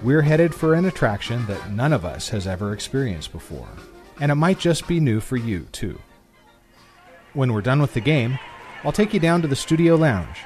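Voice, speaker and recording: A man's voice: medium pitch, sing-song, normal speed, darkish tone, soft background music. A man hosting a podcast, reading scripted segments in an upbeat, announcer-like way. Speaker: podcast host.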